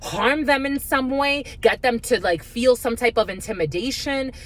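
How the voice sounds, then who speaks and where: A woman's voice: fairly high pitch, normal speed. A woman giving a spiritual card reading in a blunt, profane, heated rant. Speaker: tarot reader.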